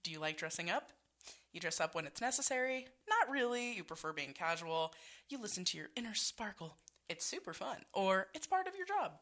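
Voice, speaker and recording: Podcast co-host, woman, casual banter, bright tone, very animated delivery, quick to laugh and curse. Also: medium pitch. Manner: laughing, swearing, reading out quiz options. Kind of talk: casual chat.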